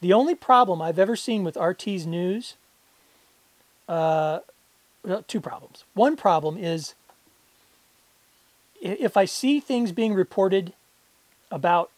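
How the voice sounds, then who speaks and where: A woman's voice: mid-range voice, animated, slow pace, long pauses, no echo. Podcast co-host, woman, loose rambling delivery, dead-dry mic. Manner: rambling, frequent restarts and laughs. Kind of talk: casual chat.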